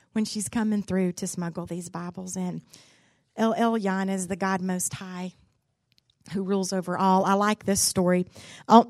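A woman's voice: mid-range voice, darkish tone, no room sound. A woman, a pastor's wife giving a devotional talk in a folksy, candid, humorous storytelling way. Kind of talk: sermon-style devotional storytelling.

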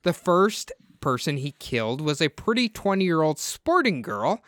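A man hosting a podcast, telling a true-crime story in a relaxed, chatty way with frequent laughter. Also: on the high side, unhurried, dry recording, studio quality. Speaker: podcast host.

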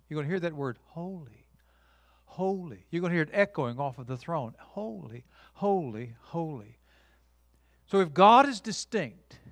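A man preaching a sermon with emphatic delivery, swinging from loud declarations to quiet, hushed lines, and drawing the congregation into call-and-response. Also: a little high, dry recording. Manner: emphatic preaching with dramatic shifts between loud and soft; engages audience with call-and-response. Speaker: pastor.

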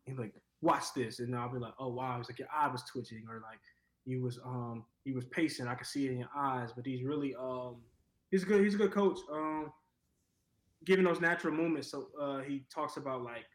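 A young actor from Cleveland talking casually in an interview, rambling with lots of fillers. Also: male voice, medium pitch, fairly quick, roomy sound, poor audio. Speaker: actor guest.

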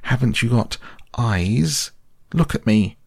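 A man voicing a small, timid male piglet in a storybook reading, raised high and fretful. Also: lively intonation, a little slow, vocal fry, a little mellow, husky, no echo, clean studio sound, exaggerated voice. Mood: upset.

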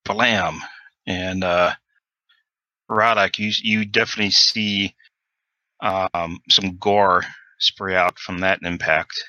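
A man's voice: sits low, little pitch movement, takes it slowly, pauses often, bright, forceful tone, no echo, dull audio. A man running a tabletop horror game as game master, talking with many fillers and restarts.

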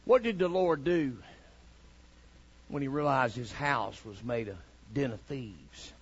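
A man preaching a fiery sermon, swinging from shouted lines to low, mocking asides. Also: slow, slightly rough. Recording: dull lo-fi recording.

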